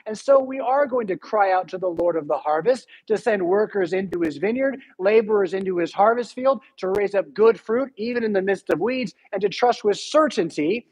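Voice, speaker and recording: A man's voice: high-pitched, animated, normal speed, few pauses, darkish tone, husky, poor audio. A man preaching a sermon as pastor, emphatic and full of rhetorical questions.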